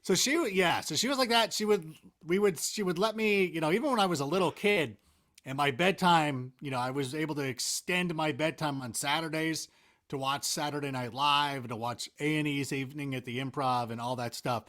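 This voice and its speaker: A man's voice: on the high side, a little fast, a bit bright. A man in his forties from Southern California, a sports analyst chatting as a guest in a rambling, self-deprecating way. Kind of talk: casual interview chat.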